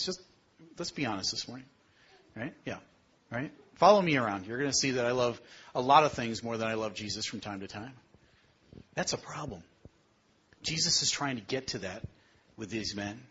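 A man preaching a sermon with a husky, slightly breathy voice. He puts questions straight to his listeners, building to emphatic high points before sinking to a hush. The recording is dull and lo-fi. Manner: rises to emphatic peaks, then drops low and quiet; asks the congregation direct questions.

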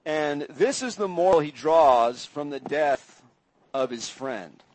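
A man preaching a sermon, retelling scripture in measured storytelling and voicing quoted speakers with feeling. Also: fairly high pitch, darkish tone, rough recording. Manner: measured storytelling, acts out quoted voices with rising intensity.

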